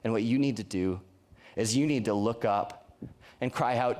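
A man's voice: mid-range voice, moderate pace, a little mellow. A young man preaching a youth sermon in an earnest, conversational way, often restarting his sentences. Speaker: youth pastor.

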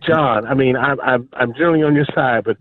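A man's voice: medium pitch, brisk, no room sound. A man calling into a radio show, scolding the co-host in mock disappointment. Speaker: caller. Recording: dull, dry phone-in line.

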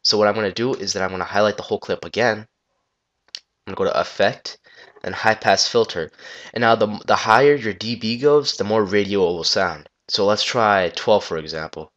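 A man talking through a casual software tutorial on a gaming headset, rambling loosely and swearing now and then. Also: on the low side, fairly quick, dull audio. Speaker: tutorial maker.

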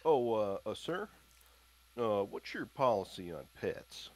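A man's voice: on the low side, big pitch swings, slow, darkish tone. A man joking around as a player in a tabletop game. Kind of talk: casual tabletop play.

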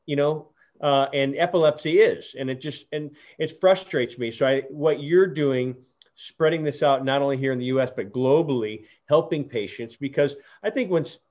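A man's voice: fairly high pitch, a little mellow, lo-fi sound. A man hosting an interview, telling a long personal story in a casual, earnest way with frequent restarts and fillers. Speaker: podcast host.

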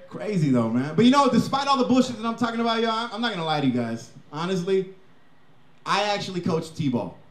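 A brash male stand-up comedian with a profane, punchy delivery. His voice sits high and swings up and down as he riffs. The live club recording is roomy and echoey. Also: big pitch swings, fast talker.

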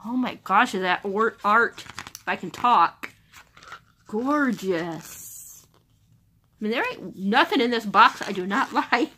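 A young woman unboxing a book subscription box in casual chat, gushing and excitable. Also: medium pitch, slow pace, a little hiss or hum. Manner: gushing, excitable, repeats "oh my gosh".

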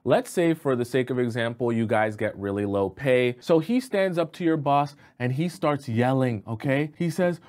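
A man's voice: medium pitch, expressive, normal speed, few pauses, darkish tone. A man hosting a relationship advice video, speaking emphatically and instructively. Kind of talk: direct-to-camera advice monologue.

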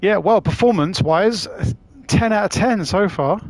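A man's voice: sits high, normal speed. A man chatting casually on a live stream while playing, laughing often and swearing freely.

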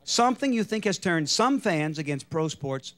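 A man hosting a television game show, teasing the contestants in an animated, joking way. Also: a little high, normal speed. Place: television studio stage. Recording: archival TV broadcast with loud studio audience.

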